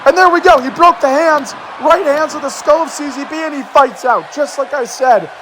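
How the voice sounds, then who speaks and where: A man with a very high voice calls wrestling action in a loud, hyped commentary style, often breaking into shouts. A faint crowd roars behind him, with some faint noise under the voice. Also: normal speed. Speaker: play-by-play commentator. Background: video game crowd noise.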